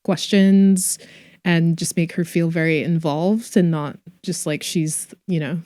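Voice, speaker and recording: A woman actress talking in a casual interview, chatty and reflective, her voice trailing off softly. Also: lowish voice, fairly even intonation, unhurried, dry recording, studio quality.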